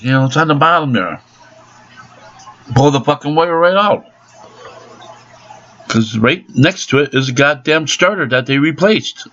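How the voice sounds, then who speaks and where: A man's voice: mid-range voice, vocal fry, fairly bright tone. Angry man ranting, lo-fi sound. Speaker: angry car owner. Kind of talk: ranting vlog. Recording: dull lo-fi recording.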